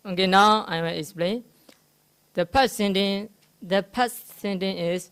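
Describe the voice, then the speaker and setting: A woman gives a slow, unhurried Dhamma talk as a Buddhist teacher. Her voice is fairly low and clear, and she pauses often with fillers while she explains each word. Now and then she gently teases her listeners. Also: fairly even intonation. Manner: halting, explains Pali terms slowly with many fillers; gently teasing the audience. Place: meditation centre hall.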